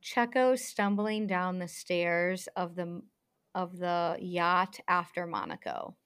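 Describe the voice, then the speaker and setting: A woman's voice: fairly low pitch, fairly even intonation, slow, a bit bright, smooth. A young adult woman co-hosting a casual podcast, telling stories in an emphatic, exasperated way. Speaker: podcast co-host. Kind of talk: casual chat.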